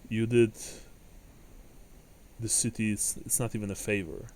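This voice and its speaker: A man's voice: on the low side, level tone, measured pace, a little mellow, slight background noise, natural voice. Man voicing a grave city official. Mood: grave, formal.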